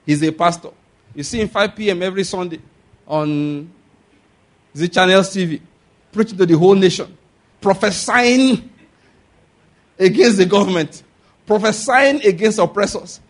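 Male pastor, husky higher voice, animated sermon delivery with call-and-response. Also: moderate pace, pauses often.

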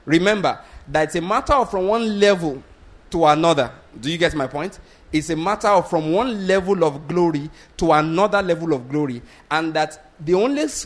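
A man preaching a sermon, blunt and animated, often asking the congregation whether they get his point. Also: fairly high pitch, normal speed. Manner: animated, blunt, asks the congregation rhetorical questions; laughs between points, restarts sentences.

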